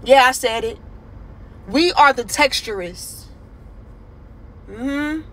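A woman, hosting and telling a story to camera in an animated, casual way. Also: high-pitched, slow. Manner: animated, acts out other people's voices in quotes. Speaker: commentary host.

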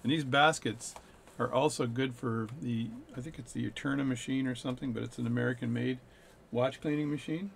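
Middle-aged male watchmaker, casual bench play-by-play, slightly gravelly. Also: mid-range voice, steady tone, brisk, a little hiss or hum. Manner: chatty, joking, narrates as he works. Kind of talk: workbench play-by-play chat.

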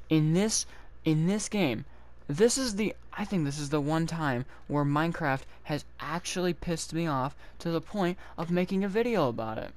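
Fed-up gamer guy ranting into a console commentary mic, slow and seething, swearing and repeating every point. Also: on the high side, expressive. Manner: furious, profane, repeats himself; slow, drawn-out emphasis. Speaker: gamer venting at his audience. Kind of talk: angry gameplay rant. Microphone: console game-capture commentary mic.

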